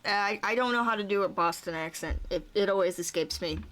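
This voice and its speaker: A woman's voice: mid-range voice, brisk, a bit bright. A woman streamer chatting casually over gameplay, laughing at herself.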